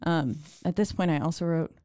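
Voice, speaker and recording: A woman's voice: low voice, fairly quick, darkish tone. A woman co-hosting a casual movie podcast, enthusiastic and casually swearing as she recaps a film. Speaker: podcast co-host.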